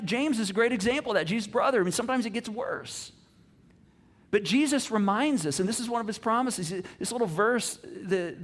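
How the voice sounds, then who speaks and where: A middle-aged man preaching a sermon as pastor, animated, swinging from loud emphasis to soft hushed lines and asking the congregation questions. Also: high voice. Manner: repeats words on restarts, asks the congregation questions.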